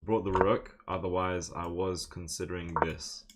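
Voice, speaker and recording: A young man with a low voice, little pitch movement and normal speed commentates live on his own online chess game in a very noisy recording. He mutters his moves and periodically blows up in exasperated, loud outbursts.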